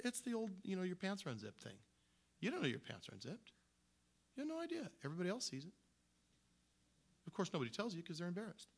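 A man's voice: a little high, creaky. Man preaching a conversational sermon. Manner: conversational, animated storytelling with many restarts. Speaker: pastor.

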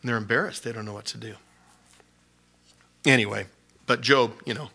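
A male pastor with a bright, forceful voice preaches a sermon. He talks in a relaxed, conversational way and laughs often. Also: mid-range voice, normal speed, vocal fry, breathy edge. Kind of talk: sermon teaching.

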